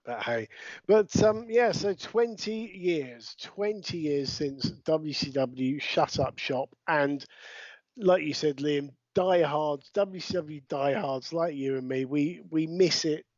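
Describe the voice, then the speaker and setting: A man's voice: a little high, slow pace, no echo. A man co-hosting a casual podcast chat, rambling with fillers and restarts. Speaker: podcast co-host. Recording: dull lo-fi dry sound.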